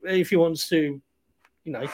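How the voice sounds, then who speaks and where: Man, casual film chat, slightly higher voice, hesitant, lots of fillers, remote call. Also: a little slow, a little mellow. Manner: rambling, hesitant, many fillers and restarts. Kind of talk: casual chat about films.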